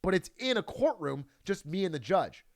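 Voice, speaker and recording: Man, high voice, very animated, casual storytelling, profane, laughs often. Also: normal speed.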